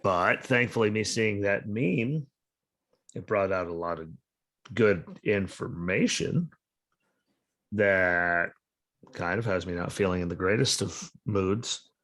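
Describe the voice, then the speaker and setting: A man's voice: sits low, slow, long pauses, fairly bright tone. A sleep-deprived man hosting a podcast over a video call, talking in a blunt, sarcastic, profane and rambling way. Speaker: podcast host. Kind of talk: casual political chat.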